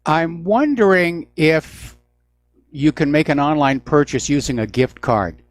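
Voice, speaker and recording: A man hosting a call-in radio show, answering calmly and thoughtfully with many hesitations. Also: a little high, measured pace, no echo. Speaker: radio talk show host.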